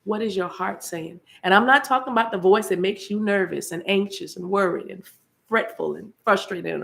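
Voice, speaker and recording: A woman from the eastern United States hosts a spiritual livestream, preaching spontaneously to the live chat and breaking into speaking in tongues. She's fervent and repetitive, with a lowish, creaky voice of fairly bright tone.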